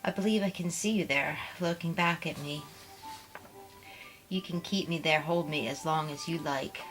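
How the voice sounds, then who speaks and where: A woman voicing a spirited young woman in love, in a tender, lively way. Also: low voice, normal speed, faint music behind, rough recording. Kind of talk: audiobook character reading.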